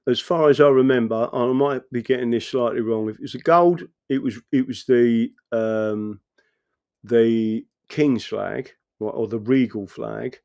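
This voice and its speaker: A man's voice: medium pitch, moderate pace, gravelly, darkish tone, dry recording, studio quality. A middle-aged man hosting a casual livestream, rambling and swearing as he chats to viewers and reads their comments. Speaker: livestream host reading chat.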